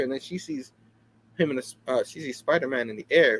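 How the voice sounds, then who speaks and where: A man hosting a casual comic book talk show, chatty and animated, often laughing and asking "you know what I mean". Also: on the high side, brisk. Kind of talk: casual chat.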